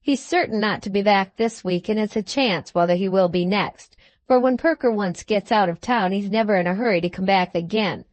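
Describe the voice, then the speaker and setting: A woman's voice: medium pitch, moderate pace, no echo, lightly acted. A woman voicing a petulant male law clerk who speaks in a sly, impatient way.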